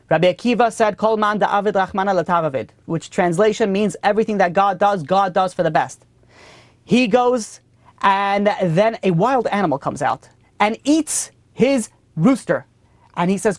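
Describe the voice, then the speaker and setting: A man's voice: sits high, a little mellow, no room sound. A man teaching a class as a rabbi, telling stories animatedly and often repeating and restarting his phrases. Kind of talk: storytelling Torah lesson.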